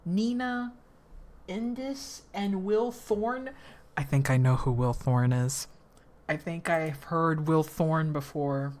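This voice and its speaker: A woman streamer chatting casually and reacting excitedly while she listens along. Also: low voice, takes it slowly. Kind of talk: casual live-stream chat.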